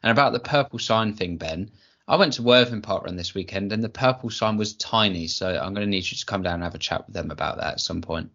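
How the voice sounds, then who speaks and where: A man's voice: fairly low pitch, quick pace, fairly bright tone. A man calling into a podcast as a guest, chatting in a casual and easily amused way. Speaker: guest joining by call. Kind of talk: casual chat. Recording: dull lo-fi sound.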